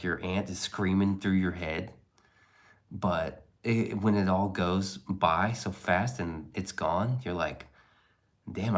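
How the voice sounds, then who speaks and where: A man streaming casual chat, rambling and swearing as he reads and answers his chat. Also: low voice. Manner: rambling, profane, laid-back. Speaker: live streamer reading chat.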